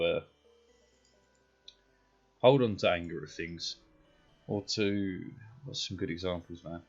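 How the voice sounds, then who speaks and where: Deep-voiced sweary British man ranting. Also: normal speed, pauses often, breathy edge, dull audio, soft background music. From Britain. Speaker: game streamer. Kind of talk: casual ranting chat while gaming.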